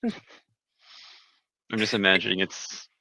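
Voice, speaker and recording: A man's voice: on the low side, animated, drawn-out words, gravelly, pushed and bright, dry recording. A man playing a tabletop game, reading out his rolls with hesitant fillers. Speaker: player. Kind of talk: casual play at a tabletop game. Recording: dull lo-fi mic.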